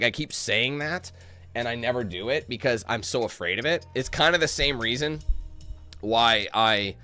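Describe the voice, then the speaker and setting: A worn-out man talking straight to his stream audience, loose and rambling, with plenty of swearing. His voice is bright and forceful. Faint music plays under him. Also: medium pitch. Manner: candid, rambling, swears a lot. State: tired. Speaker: YouTube streamer. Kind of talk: casual stream chat to viewers.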